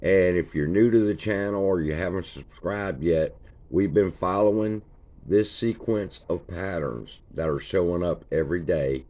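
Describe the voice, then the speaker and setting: A man's voice: low-pitched, normal speed, warm tone. A man, casually walking viewers through a chart for his stock channel. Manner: folksy, points at chart features as he talks. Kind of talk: casual screen-share chart walkthrough.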